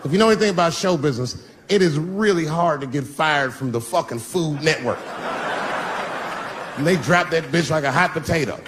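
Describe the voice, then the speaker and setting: A middle-aged man doing a live stand-up routine, punchy and profane, swinging between loud bursts and low asides. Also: moderate pace. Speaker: stand-up comedian. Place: comedy stage before a live crowd. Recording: noisy live stage recording with audience.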